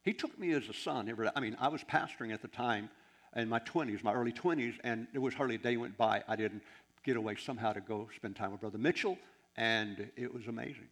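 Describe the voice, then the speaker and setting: A man in his sixties, a preacher, telling anecdotes in an animated, rambling way with many restarts. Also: mid-range voice, fast talker. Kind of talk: anecdotal sermon storytelling.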